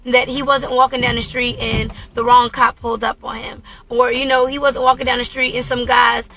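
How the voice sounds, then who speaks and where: A woman's voice: on the high side, little pitch movement, normal speed, bright, forceful tone, a little hiss or hum, poor audio. A woman in her thirties hosting a talk radio show, telling a personal story in an earnest, exclaiming way. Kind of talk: casual talk radio monologue.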